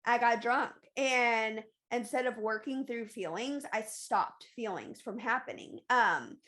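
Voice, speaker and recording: A woman's voice: a little high, a little slow, fairly bright tone. A woman hosting a podcast, talking candidly and emphatically in a casual confessional monologue, often repeating phrases for stress. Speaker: podcast host.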